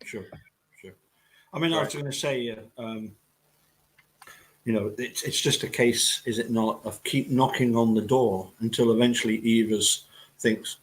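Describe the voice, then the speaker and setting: A man's voice: mid-range voice, normal speed, low-quality recording. A man hosting a live online chat, asking questions with many hesitant restarts. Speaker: host. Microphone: video call.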